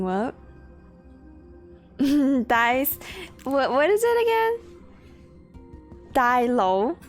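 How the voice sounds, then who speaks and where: A young woman streaming a game, chatting casually, rambling, swearing and laughing as she greets her chat. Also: mid-range voice. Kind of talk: casual live-stream chat while gaming. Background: faint game music.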